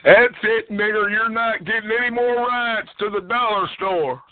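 A man's voice: high voice, moderate pace, no echo, phone-quality sound. A man making a taunting, provocative prank call on a phone chat line. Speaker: caller.

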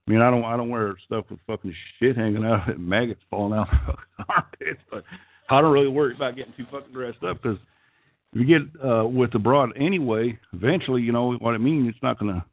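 A man's voice: medium pitch, fast talker, no room sound. A middle-aged man with an Okie accent hosting a casual call-in chat, crude, profane and rambling. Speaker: call-in show host. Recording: tinny phone-like call line.

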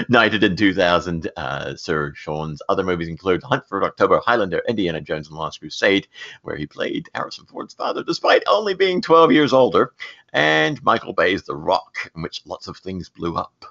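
A man's voice: sits low, very animated, moderate pace, vocal fry, pushed and bright. A man co-hosting a podcast in casual chat, reading the news and laughing often between lines. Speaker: podcast co-host. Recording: dull lo-fi sound.

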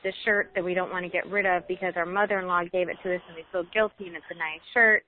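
A woman's voice: lowish voice, steady tone, fast talker. A woman on a group call, thoughtful and a bit hesitant, offering an idea to another participant. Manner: thoughtful, hesitant with fillers and restarts. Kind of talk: casual sharing on a group call. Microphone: phone call. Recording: tinny phone line.

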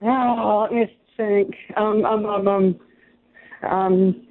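Slow-talking woman radio caller. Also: medium pitch, steady tone, narrow, tinny audio. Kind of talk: radio call-in. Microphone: phone line.

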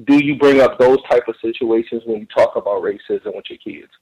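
A man's voice: mid-range voice, brisk, a little mellow, breathy edge, rough recording. A man calling in to a radio show, asking long, pointed questions with many ums. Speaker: caller.

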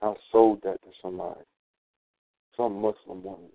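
A man's voice: fairly low pitch, steady tone, moderate pace, vocal fry. A man talking casually on a radio show, rambling and profane, often hunting for his words. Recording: tinny phone line.

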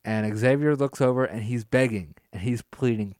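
A man co-hosting a casual wrestling podcast, animated and laughing, drawing words out for emphasis. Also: mid-range voice, moderate pace, no room sound, clean studio sound. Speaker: podcast co-host.

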